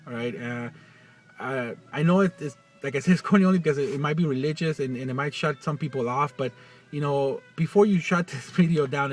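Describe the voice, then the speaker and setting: A man talking in a personal vlog, halting and full of restarts, getting choked up as he speaks. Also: a little high, distant mic. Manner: halting, many restarts and fillers. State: choked up, near tears. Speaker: vlogger.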